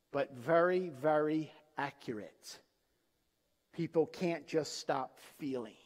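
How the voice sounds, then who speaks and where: A man's voice: on the high side, in a large hall. A man preaching a sermon with emphatic delivery, posing rhetorical questions to his listeners and answering them. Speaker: pastor.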